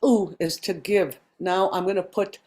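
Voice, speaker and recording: Over what sounds like a video call, a woman language teacher with a slightly low, somewhat mellow voice teaches an online class. Her intonation is fairly even, and she explains patiently and slowly, pausing with ums as she handles each point.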